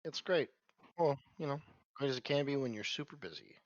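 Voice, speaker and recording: A man co-hosting a casual stream over remote audio, easygoing and halting, with many fillers. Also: medium pitch, expressive, dull audio. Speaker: co-host. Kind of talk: casual live-stream chat. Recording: faint, distant call audio.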